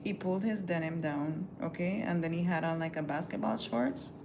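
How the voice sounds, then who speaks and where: Gravelly woman telling a story. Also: lowish voice, moderate pace, noisy background. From Caribbean. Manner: animated, profane, chatty, acts out quotes. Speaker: livestreamer. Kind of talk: casual storytelling livestream.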